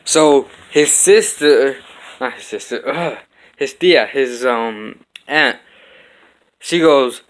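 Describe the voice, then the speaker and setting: A man's voice: mid-range voice, slow pace. A young man vlogging from his home kitchen, telling a fight story casually and acting out the punches with sound effects.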